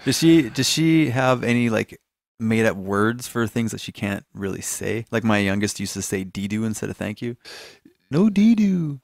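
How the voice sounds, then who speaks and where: A man's voice: fairly low pitch, moderate pace, vocal fry, no echo, studio quality. A man in his thirties, a guest on a podcast, telling funny stories about his kids and laughing often. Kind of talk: casual chat.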